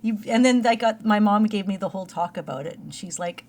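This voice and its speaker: A woman's voice: mid-range voice, expressive, normal speed, few pauses, darkish tone, a little hiss or hum. A middle-aged woman with a Canadian accent, co-hosting a casual chat and telling stories with frequent laughs. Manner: chatty, laughs often, storytelling. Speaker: podcast co-host.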